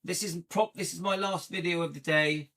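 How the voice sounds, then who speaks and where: A man's voice: high voice, steady tone, moderate pace, pushed and bright. A man hosting his own channel, chatting casually and a bit annoyed as he counts views and reacts to a video, with many restarts. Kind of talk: casual commentary.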